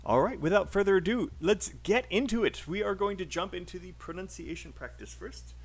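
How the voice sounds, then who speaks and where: A man's voice: high voice, animated, brisk. A man with a British accent teaching a live online English pronunciation class, upbeat and encouraging with frequent fillers.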